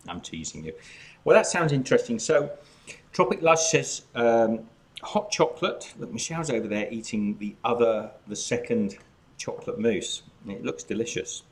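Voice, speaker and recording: A man's voice: medium pitch, expressive, moderate pace. An outgoing Australian man hosting a casual live chat, talking while snacking. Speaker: cooking channel host.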